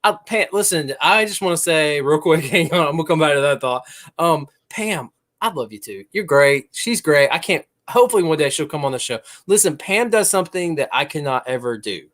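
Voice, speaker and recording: A man's voice: fairly high pitch, animated, a little fast, a bit bright. A man co-hosting a casual podcast, teasing and joking in playful patter about beers and Navy life. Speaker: podcast co-host; Navy veteran.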